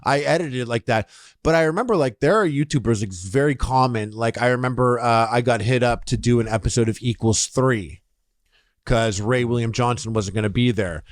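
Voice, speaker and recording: A man's voice: medium pitch, a little fast, no echo, clean studio sound. A man hosting a podcast, telling rambling anecdotes full of fillers in casual chat. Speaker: podcast host.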